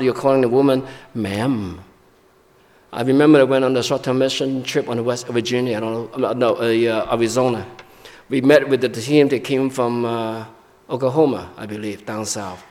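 Male pastor mid-sermon, stop-start explaining, mid pitch, big reverberant church room. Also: darkish tone. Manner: explanatory, halting with frequent restarts. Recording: long reverb of a large hall.

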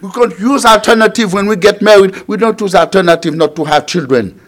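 A middle-aged male preacher from Haiti delivers a sermon in a fairly high voice. He repeats his phrases for emphasis and swings between loud declarations and quiet asides. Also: fairly quick.

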